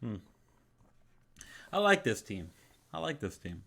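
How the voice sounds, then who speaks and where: A man's voice: medium pitch, very animated, slow pace, creaky, a bit bright. A man co-hosting a wrestling game stream, teasing and joking in casual banter. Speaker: co-host.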